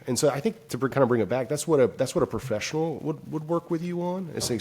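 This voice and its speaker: A man's voice: mid-range voice, fast, few pauses, a little mellow, breathy edge. A man as a guest psychologist in an interview, telling a personal story and acting out his own inner dialogue, with loose phrasing and many fillers. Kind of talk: conversational explanation.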